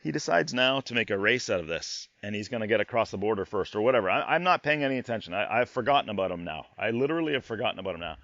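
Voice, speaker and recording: Animated man telling a story. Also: fairly low pitch, very fast, few pauses, dry recording, dull audio. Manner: animated, repeats himself, swears in disbelief. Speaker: podcast host. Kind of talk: casual storytelling monologue.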